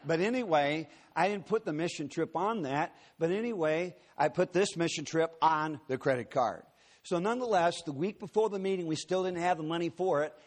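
A man's voice: a little high, normal speed. A man preaching a sermon to a church congregation, telling personal stories with folksy, joking asides. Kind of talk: sermon with storytelling.

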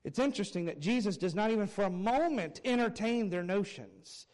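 A man's voice: high voice, expressive, fairly quick, a little mellow. A man preaching a morning sermon as pastor, earnest and emphatic, with occasional wry asides.

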